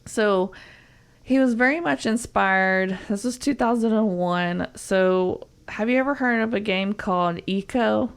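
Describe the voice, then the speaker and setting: A young woman with a Southern US accent co-hosts a podcast in a medium-pitched, unhurried, clean-toned voice. Her casual chat rambles along with fillers and lots of giggles.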